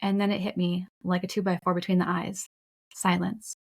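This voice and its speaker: A woman's voice: on the low side, little pitch movement, quick pace, a little mellow. Frank, emphatic woman podcast co-host. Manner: frank, emphatic, casual swearing. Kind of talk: candid conversational storytelling.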